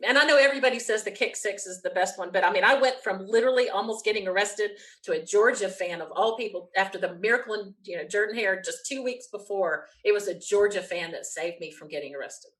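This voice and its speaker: Lively woman telling a story. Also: mid-range voice, poor audio. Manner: lively, quick storyteller who laughs often. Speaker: interview guest. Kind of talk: animated anecdote telling.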